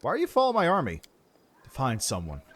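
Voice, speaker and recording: A man's voice: medium pitch, wildly swooping pitch, fast, fairly bright tone. A man reading a blunt army commander. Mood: demanding. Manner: demanding, direct.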